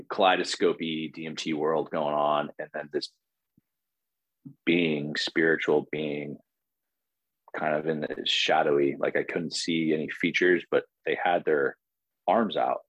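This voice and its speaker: Young man, very low voice, relaxed rambling storyteller, dry sound. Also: dry recording. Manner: loose, rambling, full of fillers and swearing. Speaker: podcast guest. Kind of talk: casual storytelling.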